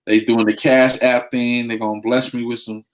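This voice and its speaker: A man's voice: medium pitch, level tone, normal speed, rough recording. A married man co-hosting a casual talk show, easygoing and laid-back, peppering his talk with slang. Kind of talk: casual chat.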